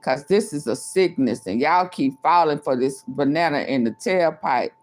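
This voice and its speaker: Speaking at normal speed with few pauses, this woman has a low-pitched, darkish voice. She's a livestream vlogger giving casual live commentary, chatty and repetitive as she addresses her viewers.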